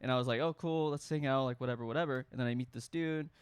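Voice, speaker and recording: A man's voice: mid-range voice, fast, clear, resonant tone, no echo. Young man telling a story in casual chat. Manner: storytelling, animated quoting of others. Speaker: host.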